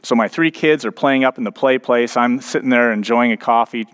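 A man's voice: mid-range voice, brisk, a bit bright, clear, resonant tone. Man preaching a storytelling sermon. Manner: storytelling, rising to emphatic preaching. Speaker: pastor.

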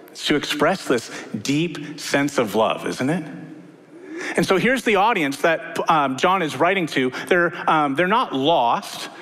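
A man in his thirties preaching to a congregation in a church sanctuary. His voice rises and falls in wide, lively arcs as he tells stories. The sound carries a long reverb from the hall. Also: on the high side. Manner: animated storytelling preacher, swinging between loud and hushed. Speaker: pastor. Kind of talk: sermon.

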